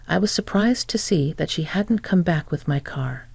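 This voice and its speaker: A woman narrating a scripted first-person story in an even, matter-of-fact way. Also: on the low side, normal speed, vocal fry, husky, no echo.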